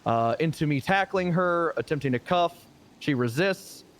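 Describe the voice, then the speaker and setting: A man's voice: a little high, animated, normal speed. A man playing a police officer in a role-play game, telling a story animatedly and swearing freely. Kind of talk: in-character role-play chat.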